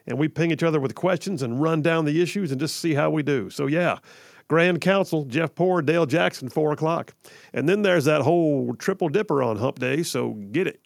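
A man hosting a talk radio show in a studio, in an energetic, folksy, chatty way. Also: fairly high pitch, normal speed, creaky, dry recording.

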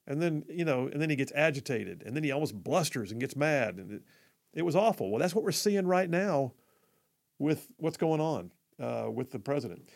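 A man's voice: fairly high pitch, expressive, normal speed, gravelly, darkish tone. A middle-aged man hosting live talk radio, rambling with many fillers and restarts.

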